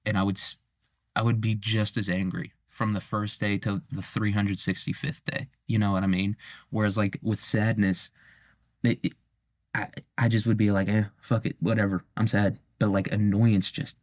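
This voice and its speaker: A man's voice: on the low side, no echo, studio quality. A young man in his twenties rambling through a casual, profane monologue and laughing at his own jokes. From United States. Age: 20s. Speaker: vlogger.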